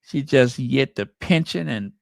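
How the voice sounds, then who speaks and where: An American man hosts his own channel with casual, sassy commentary, mocking the people he talks about. He speaks at an unhurried pace in a mid-range voice, and the sound is dry and close. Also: medium pitch, expressive, gravelly, dry recording. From United States. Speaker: channel host.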